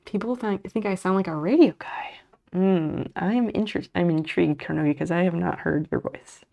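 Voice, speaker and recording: A woman's voice: lowish voice, moderate pace, gravelly, dull audio. A woman streamer chatting casually with her viewers while she crochets, muttering and swearing under her breath as she works. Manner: chats back to viewers' messages.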